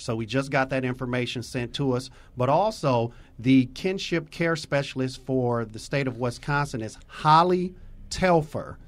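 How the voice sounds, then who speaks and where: A man co-hosts a talk show in a calm, measured tone. He reads out information steadily. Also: mid-range voice.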